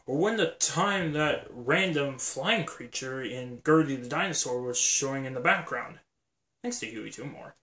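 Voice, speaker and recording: A man's voice: medium pitch, animated, a little slow, sharp tone, roomy sound. A man making a toy video, rambling in a casual aside and losing his train of thought.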